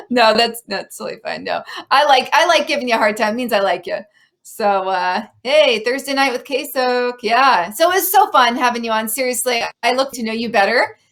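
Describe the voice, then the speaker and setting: A young woman hosts a casual interview and speaks in an animated, opinionated rush. Her voice sits a little high for a woman. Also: moderate pace. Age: young adult. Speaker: podcast host.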